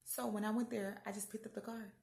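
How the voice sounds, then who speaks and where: Woman, young adult, chatty storytelling, loud then hushed, echoey room. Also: mid-range voice, quick pace, gravelly. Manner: animated, chatty, leaps between loud and hushed. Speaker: vlogger. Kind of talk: casual storytelling about faith.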